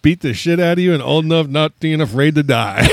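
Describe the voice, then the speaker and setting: A man throwing in wisecracks during casual chat, laughing a lot. His voice is a little high and swings widely in pitch. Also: a bit bright.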